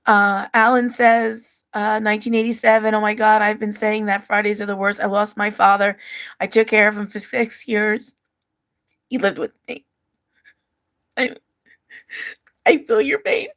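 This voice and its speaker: A woman's voice: mid-range voice, fairly even intonation, a little slow, pauses often, a bit bright. A woman hosting a livestream, reading out viewer comments and her own personal letters in an open, emotional way. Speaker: livestream host.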